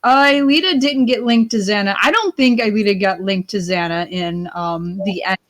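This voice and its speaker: A woman's voice: medium pitch, moderate pace. A woman co-hosting a livestream, chatting casually and often filling her sentences with "like". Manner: chatty, fills her speech with "like". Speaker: livestream co-host.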